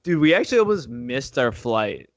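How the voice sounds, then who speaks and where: A man's voice: medium pitch, very animated, normal speed, no echo, dull audio. A young man co-hosting a podcast in casual chat, slangy and swearing often, calling his friend dude and bro. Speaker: podcast co-host.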